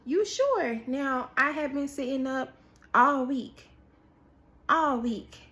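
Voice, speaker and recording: A woman with a high voice gives a prophetic word. She speaks slowly, leans on repeated phrases and lingers on the weighty lines. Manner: animated storytelling with acted-out quotes, repetition for emphasis. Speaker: preacher. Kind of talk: prophetic word, sermon-style.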